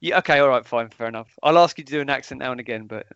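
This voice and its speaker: A man's voice: mid-range voice, racing, fairly bright tone, smooth, dry recording, lo-fi sound. A man co-hosting a film review podcast, enthusiastic and jokey, now and then swearing. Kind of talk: casual chat.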